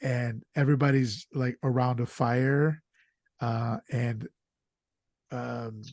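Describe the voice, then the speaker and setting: A man hosting a podcast chat, talking in an excitable, loose way, dropping swear words and plenty of ums and restarts. His voice sits at an everyday middle pitch. The sound is dry and close, with no room echo. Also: slow. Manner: excitable, profane storytelling with lots of fillers. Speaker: podcast host. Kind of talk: casual chat.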